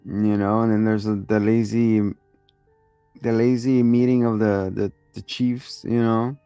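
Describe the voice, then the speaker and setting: A man's voice: fairly low pitch, flat delivery, unhurried, warm tone, clean tone, dry recording, faint music behind. A man hosting a show, giving a rambling, profane, casual recap of a TV episode and acting out lines. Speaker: show host reviewing a TV episode.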